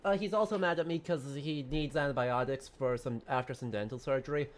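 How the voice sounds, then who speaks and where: A man's voice: medium pitch, brisk. A man casually chatting and reading dialogue while streaming a story game. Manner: chatty, self-deprecating, rambling. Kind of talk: casual let's-play chat.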